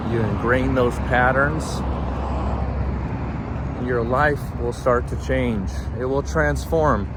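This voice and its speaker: A man hosting a motivational walking vlog, talking upbeat while walking and jogging on an outdoor trail. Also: medium pitch. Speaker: fitness and mindset vlogger. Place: outdoor trail beside a busy road. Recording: clear traffic noise outdoors. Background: traffic noise.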